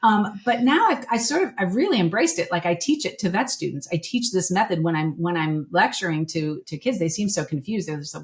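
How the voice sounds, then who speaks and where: Middle-aged woman vet as a podcast guest; candid, emotional storyteller with a fairly low pitch. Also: expressive, quick pace. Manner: candid, emotional storyteller, voice dropping softly when moved. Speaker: guest veterinarian. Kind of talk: conversational podcast interview.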